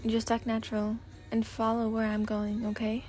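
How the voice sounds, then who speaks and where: Casting: woman doing a guarded, protective teen boy, low firm clipped delivery, soft ASMR storybook. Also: monotone, moderate pace, faint music behind, close to an everyday voice. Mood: calm, firm. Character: stern protective teenage boy, calm and guarded. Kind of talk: soft-spoken ASMR fanfic reading.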